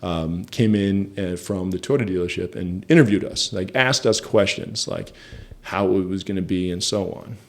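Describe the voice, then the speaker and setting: A man's voice: low voice, steady tone, moderate pace, few pauses. A man telling a story in a casual interview, chatty and self-deprecating. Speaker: interview guest.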